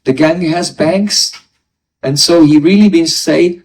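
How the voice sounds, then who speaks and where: A man's voice: fairly high pitch, measured pace, a little mellow, far from the mic, low-quality recording. A man giving a devotional class lecture, explaining ideas through everyday examples and often checking in with his listeners. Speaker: spiritual teacher.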